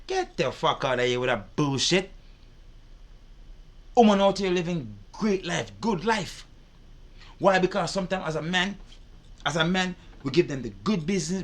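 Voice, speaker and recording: Man, high bright voice, indignant, profane, repetitive ranting. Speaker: reaction video host. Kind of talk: heated reaction commentary.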